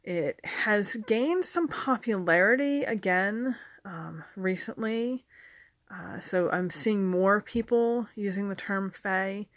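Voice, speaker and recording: A woman's voice: medium pitch, takes it slowly, dry recording. A woman giving a casual spoken lesson to camera, chatty, with frequent ums, self-corrections and dry humor, recorded in a small indoor room on a camera mic. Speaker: video lecturer on folklore. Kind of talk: casual explanatory talk to camera.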